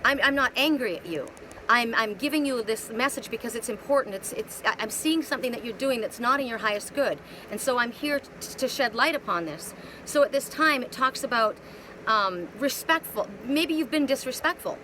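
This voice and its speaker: A woman's voice: a little high, expressive, normal speed, background noise. Rambling woman giving a card reading. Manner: rambling, repeats words, many rhetorical questions. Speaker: oracle card reader. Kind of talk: live spiritual card reading. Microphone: phone.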